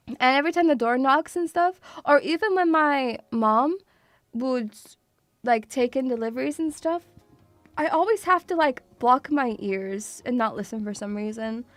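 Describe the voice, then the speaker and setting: A woman's voice: high voice, fairly bright tone, dry recording, clean studio sound. A woman streaming casually to her viewers, chatty and self-mocking, swearing freely and laughing often as she talks through a quiz. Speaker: VTuber streamer. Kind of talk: casual live-stream chat.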